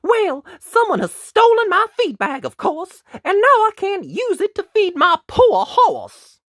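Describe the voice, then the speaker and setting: A woman's voice: extremely high pitch, very animated, a little slow, fairly bright tone, no echo, clean studio sound, voice pushed up, heavily acted. A woman voicing a tough female knight in a storybook, indignant and huffy.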